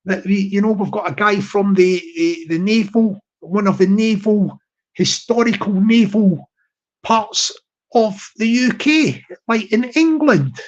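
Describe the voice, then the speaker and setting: A man's voice: high voice, unhurried, lo-fi sound. Rambling man hosting a live stream. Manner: rambling, many restarts and filler tangents. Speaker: livestream host.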